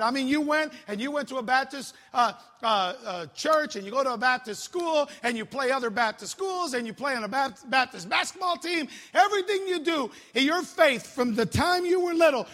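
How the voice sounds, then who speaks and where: Man preaching, high voice, joking, echoing church hall, middle-aged youth pastor. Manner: animated, joking storyteller. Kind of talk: sermon. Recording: long hall reverb.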